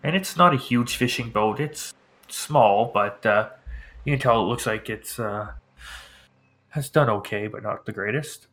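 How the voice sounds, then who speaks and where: A man running a tabletop game, calmly describing scenes to the players. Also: mid-range voice, measured pace, poor audio. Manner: calm descriptive narration. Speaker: game master.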